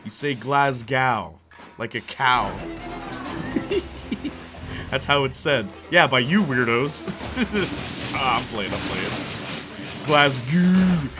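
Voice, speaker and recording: A man's voice: medium pitch, expressive, slow, pauses often. A young adult man giving casual, joking let's-play commentary, rambling from one story to the next. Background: game music.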